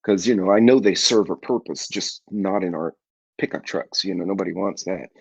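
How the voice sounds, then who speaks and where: A middle-aged man hosting a casual live chat with viewers, telling rambling folksy stories and clearing his congested throat often. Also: sits low, normal speed, no room sound, dull audio. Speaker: livestream host.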